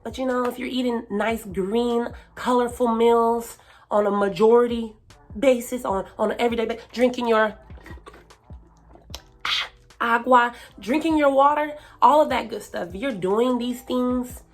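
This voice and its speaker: A woman's voice: a little high, moderate pace. A woman giving casual self-help advice to camera, chatty and full of fillers. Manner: chatty, lots of fillers, hypes herself up.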